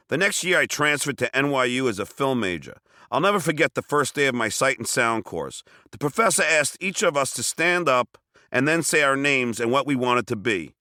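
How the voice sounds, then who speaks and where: A Long Island, New York man reads his own memoir as an audiobook, his mid-range voice animated and brisk. He tells it with wry, self-mocking comic humor, breaking into sudden shouted bits of dialogue. The recording is dry and studio quality.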